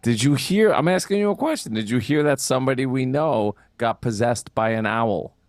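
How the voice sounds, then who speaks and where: A man, a musician and producer, chatting casually as a guest with deadpan teasing and quick asides. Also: mid-range voice, dry recording, studio quality. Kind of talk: casual chat.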